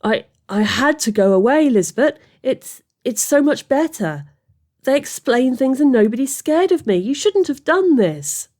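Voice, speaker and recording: A nervous young male wizard who stumbles over his words and keeps apologizing, voiced by a woman reading the story. He sounds gentle and guilty in an audiobook reading. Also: sits high, very animated, unhurried, pitched above the performer's own voice, full character voice. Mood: pleading. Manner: stammering and apologetic. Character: young man, an anxious young wizard.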